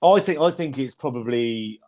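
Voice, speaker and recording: A man hosting a relaxed livestream, talking bluntly and swearing freely. He rambles, restarting his sentences as he works through his points. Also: mid-range voice, normal speed. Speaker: host. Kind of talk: casual livestream beer chat.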